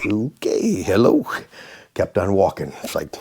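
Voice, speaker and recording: A man in his sixties, a former radio DJ and host, telling rambling, animated anecdotes casually. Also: deep voice, a little slow, vocal fry, breathy edge. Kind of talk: casual storytelling.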